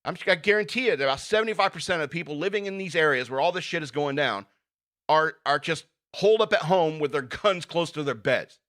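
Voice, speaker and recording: A man's voice: on the high side, lively intonation, fast talker, a bit bright. A man hosting a podcast, reading news stories aloud and giving blunt, sarcastic opinions with frequent fillers. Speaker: podcast host.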